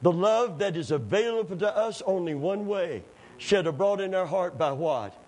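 An impassioned preacher with a high voice that leaps all over the place. He tells folksy stories and jokes, then climbs to fervent, near-shouted appeals. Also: expressive, normal speed, rough recording. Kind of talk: sermon.

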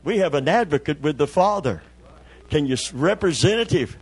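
A man's voice: a little high, expressive, normal speed, slightly rough. A man preaching a sermon to a congregation, building to emphatic repeated phrases and calling out for amens. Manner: preaching with rising emphatic repetitions and call-outs to the congregation. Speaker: pastor.

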